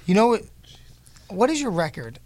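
A man's voice: high-pitched, big pitch swings, moderate pace, darkish tone. A man hosting a casual podcast chat, teasing and joking with his guests. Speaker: podcast host.

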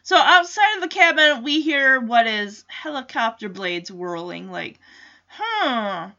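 A woman's voice: a little high, measured pace, pushed and bright, lo-fi sound. A woman casually recapping a TV episode in a chatty way, with frequent laughs and filler words.

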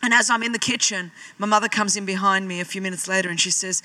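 A woman's voice: medium pitch, steady tone, fast, hardly any pauses, pushed and bright. A woman, preaching a sermon as a pastor and telling her own story with self-deprecating humour. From Australia. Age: 40s.

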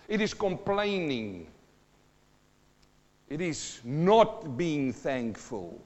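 A man's voice: a little high, sing-song, very slow, long pauses, a little mellow, long reverb tail, dull audio. A middle-aged man preaching a sermon to a congregation, dramatic, asking questions and acting out sounds and voices. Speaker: pastor.

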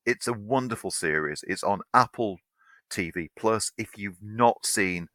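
A man's voice: on the low side, unhurried, bright, forceful tone, no room sound. A man co-hosting a film podcast in casual chat, unwell and tired, rambling and laughing at his own slips. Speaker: podcast co-host.

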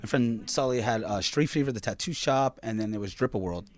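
A man's voice: medium pitch, fairly quick, a crowd in the background. A middle-aged man from Queens, chatting as a podcast guest and acting out people in his stories with lots of swearing. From Queens, New York. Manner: animated, profane, acts out voices in stories. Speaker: podcast guest, film screening organizer. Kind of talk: casual chat, storytelling.

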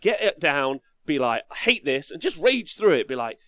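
A man's voice: fairly high pitch, big pitch swings, normal speed, hardly any pauses, a bit bright, no echo, studio quality. A man co-hosting a casual hobby podcast, ranting brashly with lots of swearing. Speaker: podcast co-host.

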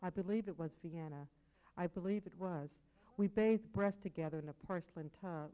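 A woman reads her poetry aloud at a live reading, her voice sitting fairly low. She keeps a measured pace and drops some phrases to a quiet aside. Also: rough recording. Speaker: poet. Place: poetry venue with audience.

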